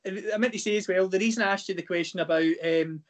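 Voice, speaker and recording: A man's voice: high-pitched, fast talker. A man interviewing a guest, asking curious, conversational questions. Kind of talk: casual interview chat.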